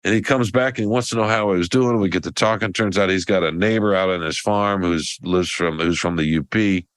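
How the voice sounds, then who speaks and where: A deep-voiced man talks casually on a podcast, telling a meandering story. He often restarts his sentences and wanders off track. The sound is close and dry, with no room echo. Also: brisk, clear, resonant tone. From American South. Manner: rambling storyteller with many restarts. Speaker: podcast co-host. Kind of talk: casual chat.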